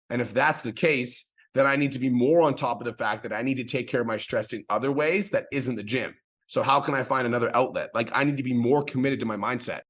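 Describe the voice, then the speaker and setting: A man coaching a group on a call, profane, emphatic and pumped up. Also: medium pitch. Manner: fast, profane, hyped, emphatic.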